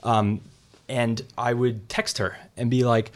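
A man in his thirties tells a story in a relaxed interview, animated and quick to act out other people's lines. His voice sits at an ordinary middle pitch. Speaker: restaurant co-owner, former finance worker.

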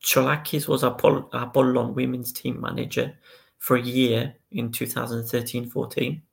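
A man's voice: mid-range voice, little pitch movement, normal speed, vocal fry. A man co-hosting a casual football podcast, recounting the news step by step and reading out statements. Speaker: podcast co-host.

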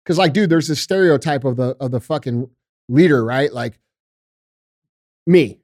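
A man's voice: mid-range voice, moderate pace, a little mellow, no echo, studio quality. A man on a podcast talking about leadership in an intense, fiery way, swearing often and calling people bro and dude. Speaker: podcast guest. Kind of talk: casual podcast interview.

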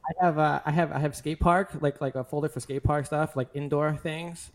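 A man's voice: on the high side, steady tone, normal speed, a crowd in the background. A man as a guest in a casual interview, talking in a loose, rambling way with lots of fillers. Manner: rambling, filler-heavy, laid-back. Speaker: guest, skate video maker.

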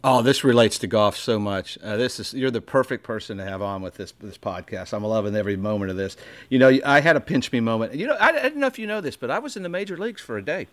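A man's voice: medium pitch, fast talker, dry recording. A man hosting a podcast, telling a long story in casual chat, acting out other people's lines with many restarts. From American Midwest. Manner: animated storyteller, acts out quotes, frequent restarts. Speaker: podcast host.

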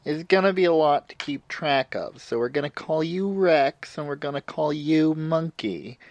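A player in a tabletop game with a blunt, deadpan way of talking. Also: medium pitch, moderate pace, no room sound.

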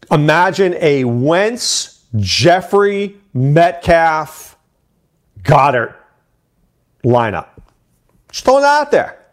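A middle-aged man talking through fantasy football picks as an analyst, animated, with quick asides and repeated words. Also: a little high.

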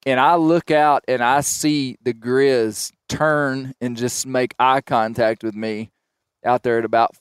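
A man's voice: mid-range voice, slow, clean tone, no echo. A middle-aged man hosting a podcast, animatedly retelling a story in casual chat. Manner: animated retelling, acts out shouted quotes. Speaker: podcast host.

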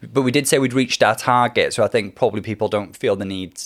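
A man's voice: on the low side, fast. A British man co-hosting a podcast, chatty and wry, laughing often. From Britain. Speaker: podcast co-host. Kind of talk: casual chat.

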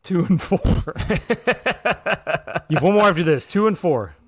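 A man hosting a casual chat, briskly reading out the players' scores. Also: fairly high pitch, expressive, no room sound, studio quality. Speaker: podcast host running a game.

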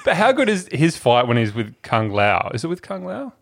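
A man's voice: on the high side, huge pitch swings, normal speed, vocal fry, a bit bright. A man chatting casually about a film, enthusiastic and laughing as he retells scenes.

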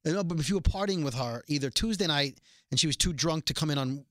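A male podcast host tells long, winding stories and corrects himself as he goes. His voice is bright and fairly high, and it sounds close and dry. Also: lively intonation, quick pace, dry recording. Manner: rambling, self-correcting storyteller. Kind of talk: casual chat.

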